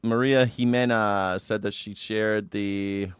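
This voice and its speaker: His voice is fairly low, steady, slow and clean in tone as he hosts a casual reaction stream. He chats with his audience and swears freely throughout.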